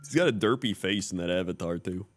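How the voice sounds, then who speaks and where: A man's voice: low-pitched, quick pace, faint music behind. A male streamer giving laid-back, wry live commentary on his own game play.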